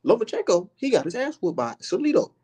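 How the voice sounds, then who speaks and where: A man putting on an impression of an older male boxing pundit, pleading in a high, drawn-out voice. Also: very animated, warm tone, breathy edge, heavily acted. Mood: fretful.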